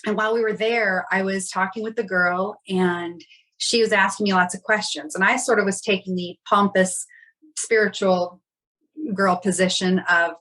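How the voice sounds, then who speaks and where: A woman's voice: medium pitch, steady tone, normal speed, a bit bright, rough recording. A woman, a podcast guest, telling a personal story in a candid, reflective way and often acting out quoted dialogue.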